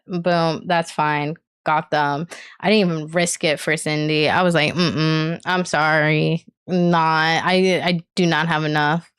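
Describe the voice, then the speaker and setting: A woman streamer chatting casually on a live stream, excitable and quick to gasp and laugh. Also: sits low, clean tone.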